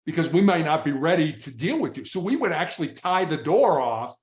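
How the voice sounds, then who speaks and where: A man's voice: fairly high pitch, sing-song, a little fast, echoey room. A man who used to be a hostage negotiator, telling stories in a casual interview and often restarting his words in an earnest way. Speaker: former SWAT hostage negotiator, guest.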